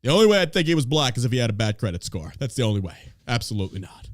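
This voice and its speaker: A man's voice: mid-range voice, sing-song, rapid-fire, no echo, clean studio sound. A man hosting a podcast, ranting in casual chat with a profane, sarcastic, mocking manner. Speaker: podcast host.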